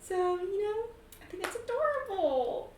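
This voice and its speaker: Giggly, animated woman game master. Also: very high voice, a little slow, slight background noise. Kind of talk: narrating a tabletop game. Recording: roomy, far from mic.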